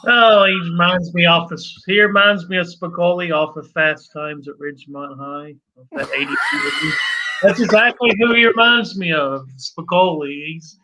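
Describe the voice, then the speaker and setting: A man's voice: high voice, normal speed, bright, forceful tone, shouting, a little hiss or hum. A man co-hosting a casual podcast, plain-spoken and dismissive. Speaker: podcast co-host. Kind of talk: casual chat. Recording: dull lo-fi audio.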